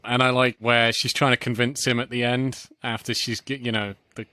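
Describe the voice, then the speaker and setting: A man co-hosting a podcast, chatting casually about a film, halting often with restarts and short laughs. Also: medium pitch, little pitch movement, pushed and bright, dry recording, studio quality. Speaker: podcast co-host.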